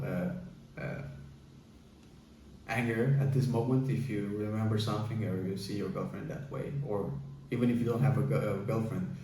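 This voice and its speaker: A man's voice: on the low side, warm tone. A man giving casual relationship advice in a hesitant, coaching way, with many fillers and restarts. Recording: echoey room, far from the mic, faint hiss.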